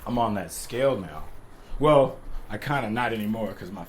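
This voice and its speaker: A man's voice: lowish voice, animated, normal speed, a little hiss or hum. A young man casually telling funny stories, laughing often and acting out the other people's lines. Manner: laid-back, laughs often, swears freely; acts out dialogue in shifting voices. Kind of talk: casual storytelling.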